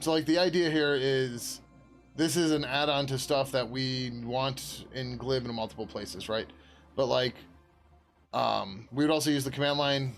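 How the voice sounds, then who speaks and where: A man of middle pitch talks loosely through his coding on a live stream, full of fillers and quick laughs. He swears offhandedly and turns to his viewers mid-thought. Faint music plays under his voice. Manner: rambling, laughs often, answers chat; swears casually, many fillers. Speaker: software developer streaming his work. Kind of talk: casual live-stream chat while coding.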